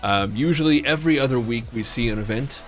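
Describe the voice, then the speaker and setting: A man's voice: medium pitch, fast talker. A man streaming a game live, chatting casually with viewers in a jokey, rambling, playfully flirtatious way. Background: faint background music.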